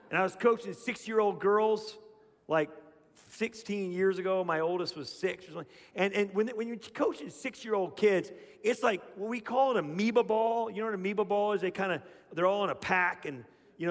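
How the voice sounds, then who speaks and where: A middle-aged man preaching a sermon as pastor, telling stories in an animated way and acting out voices. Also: high voice, in a large hall. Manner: animated storyteller, acts out voices.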